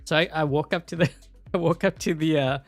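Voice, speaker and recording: A man's voice: on the high side, steady tone, brisk, dry recording, soft background music. A man with a South African accent giving rambling, casual gameplay commentary, full of fillers and laughing often. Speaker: gameplay YouTuber.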